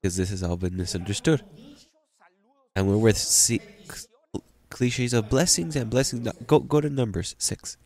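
A man preaching a sermon, plain-spoken and animated, often repeating and restarting his phrases. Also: lowish voice, moderate pace.

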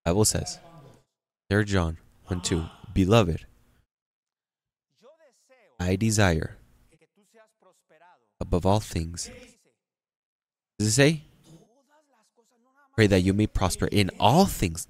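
A man preaching a sermon, plain-spoken and animated, often repeating and restarting his phrases. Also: low voice, slow, pauses often.

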